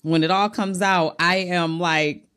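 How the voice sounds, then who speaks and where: A woman's voice: lowish voice, steady tone, a little slow, heavy background noise. A woman co-hosting a podcast, speaking hesitantly and searching for words in casual chat. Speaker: podcast co-host.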